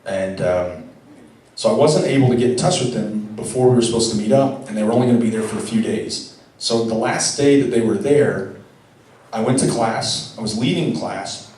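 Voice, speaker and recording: A man's voice: on the low side, moderate pace, darkish tone. A young man giving a conversational homily, telling a personal story with casual, wry asides and frequent restarts. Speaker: preacher. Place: large echoey church. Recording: echoey church from far off.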